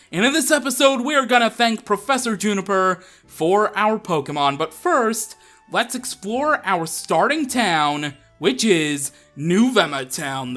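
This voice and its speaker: A man's voice: high voice, bright, forceful tone. A young man hosting a Let's Play, chatting casually and laughing as he plays. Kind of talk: casual gameplay commentary.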